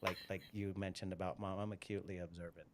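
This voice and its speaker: A man's voice: low voice, level tone, fast. A middle-aged man hosting a live interview, chatting casually and telling stories, often repeating words as he goes. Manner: rambling, repeats words, storytelling. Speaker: podcast host.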